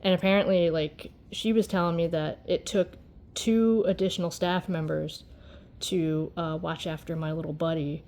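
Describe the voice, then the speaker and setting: A woman vlogger with a slightly low voice talks casually while she crochets. She rambles in a tired way and leans on "you know" and "um" between thoughts. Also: steady tone, moderate pace, a little mellow.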